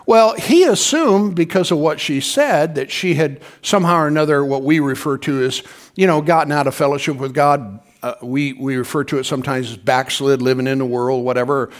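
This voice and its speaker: A man's voice: fairly high pitch, fairly quick. A male pastor delivering a sermon as a conversational story, often calling on the congregation to respond.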